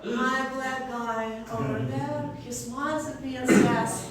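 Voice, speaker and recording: A woman telling dream stories on a comedy stage, slowly and haltingly, with many fillers and laughs. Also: sits high, flat delivery, crowd noise. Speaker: comedy performer. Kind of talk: live stand-up storytelling. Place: stage in a hall before a live audience. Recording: echoey hall, recorded from far off. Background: audience laughter.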